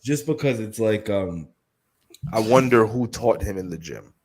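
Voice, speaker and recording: A man co-hosting a podcast, talking in a relaxed, drifting way and swearing a lot. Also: fairly low pitch, a little slow. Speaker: podcast co-host. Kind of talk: casual chat.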